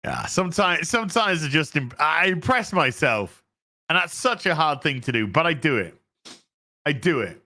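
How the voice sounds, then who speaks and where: Animated, swearing livestream host man. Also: a little high, moderate pace, no echo, clean studio sound. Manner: animated, profane, boastful. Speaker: streamer host. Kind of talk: casual livestream chat reading donations.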